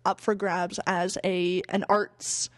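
A woman's voice: fairly low pitch, flat delivery, slow pace, no echo. A woman co-hosting a casual podcast, laughing and bawdy, explaining their plans in plain terms. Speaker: podcast co-host.

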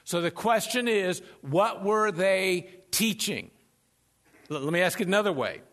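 A man preaching a sermon as pastor, animated and conversational, joking and acting out the voices of people in his stories. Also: sits high, a little slow. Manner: animated, conversational, jokes and acts out quotes.

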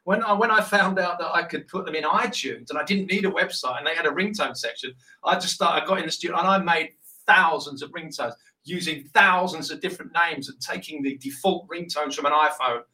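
A man telling his story as an interview guest, stumbling into restarts and rambling on. His voice is bright and a touch sharp. He sits a little back from the microphone. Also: a little high, brisk, recorded from a distance, low-quality recording. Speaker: guest, ringtone maker. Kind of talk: casual interview chat.

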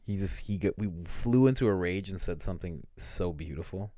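A man's voice: low voice, normal speed, dark tone, no room sound, studio quality. A young man co-hosting a casual comedy podcast, riffing with slang, swearing and jokes. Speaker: podcast co-host.

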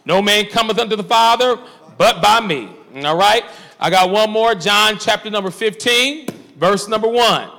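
A man's voice: high voice, normal speed, vocal fry, sharp tone, in a large hall. A man, a pastor leading a Bible study, reading scripture aloud and coaxing his class with call-and-response. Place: church hall.

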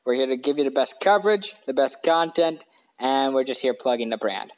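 A man talks football on a casual home podcast, in a voice of ordinary middle pitch. He rambles, restarts his sentences and fills the gaps with ums and you-knows. The recording sounds a little dull and lo-fi. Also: lively intonation, fairly quick, a little mellow. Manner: rambling, self-correcting, with many fillers. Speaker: podcast host. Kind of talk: casual sports podcast talk. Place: living room couch.

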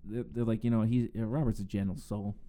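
A man's voice: fairly low pitch, fairly even intonation, a little fast, warm tone. A man co-hosting a podcast in casual chat, laid-back and often restarting his sentences while building on the story. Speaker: podcast co-host.

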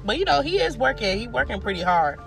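A young woman tells a story in a loose, profane, animated way, jumping into the voices of the people she quotes. Her voice sits at an ordinary pitch, and soft music plays faintly behind her. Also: fast, vocal fry. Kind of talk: casual storytelling.

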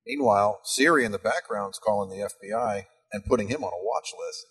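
A man's voice: on the low side, lively intonation, brisk, a bit bright, breathy edge. A man co-hosting a podcast in casual chat. He drops in dry, wry one-liners.

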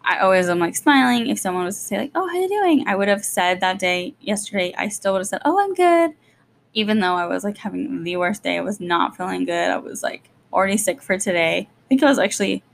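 A young woman and mother chatting casually to her vlog, rambling quickly with lots of "like", jittery and short on sleep. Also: fairly low pitch, fairly even intonation, creaky, a little hiss or hum. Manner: rapid rambling, lots of "like", nervous. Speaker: vlogger, young mom.

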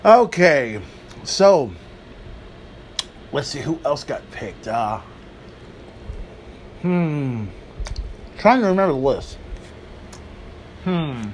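Excitable swearing man hosting a podcast. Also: a little high, very slow, pauses often, a little hiss or hum. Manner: excitable, swears freely, drifts into asides. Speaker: podcast host. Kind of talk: solo wrestling podcast talk.

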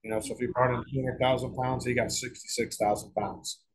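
A man's voice: medium pitch, level tone, brisk, slightly rough, low-quality recording. A middle-aged man telling a long story in a casual interview, rambling and profane, with frequent restarts and repeated words. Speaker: guest author.

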